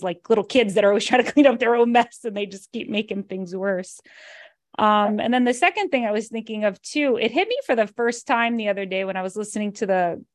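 A woman's voice: mid-range voice, dry recording, studio quality. A religious sister with a New York accent, talking casually about faith and laughing while she tells stories. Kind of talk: casual spiritual talk.

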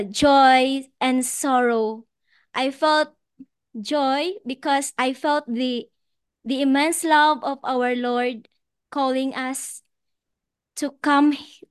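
A religious sister from the Philippines, sharing spiritual reflections in a hesitant, soft-spoken way with many fillers. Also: female voice, sits high, clear, resonant tone, no room sound.

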